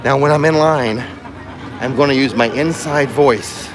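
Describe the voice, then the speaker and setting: A man's voice: medium pitch, unhurried. A man hosting a casual livestream from a theme park, chatting and joking with his viewers. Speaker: vlogger host. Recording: music playing clearly behind.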